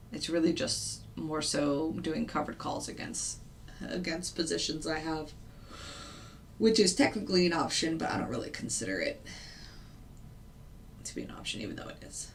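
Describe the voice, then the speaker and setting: A woman's voice: on the low side, vocal fry, fairly bright tone, a little hiss or hum. A woman trader giving casual live commentary on the markets, thinking aloud with fillers and the odd laugh. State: hiccups. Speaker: futures day trader and channel host.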